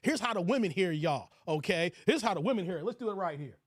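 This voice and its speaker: A man's voice: sits high, expressive, fast talker, dry recording, studio quality. Brash male commentary host. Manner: loud, mocking, talks to viewers, reads chat. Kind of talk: reaction commentary.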